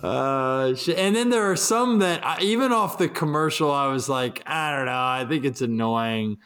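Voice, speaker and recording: A man's voice: mid-range voice, normal speed, fairly bright tone, clean tone. A man in casual podcast chat, sarcastic, mocking advice with put-on quotes.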